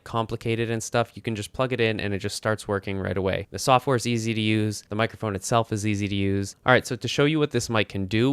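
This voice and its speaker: Young guy doing a chill mic review from his home setup, kinda low voice, smooth and crisp, super dry close sound. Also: no echo. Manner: relaxed, conversational, with frequent "kinda" and "like". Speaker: tech reviewer. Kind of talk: casual microphone review. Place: home studio.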